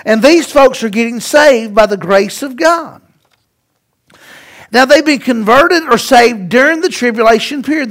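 A pastor preaching a sermon, swinging between loud emphasis and hushed asides and asking the congregation rhetorical questions. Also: male voice, very high voice.

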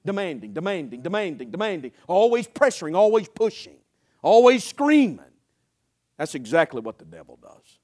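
A man's voice: sits high, big pitch swings, moderate pace, darkish tone. A man preaching a sermon as pastor, emphatic, repetitive and humorous.

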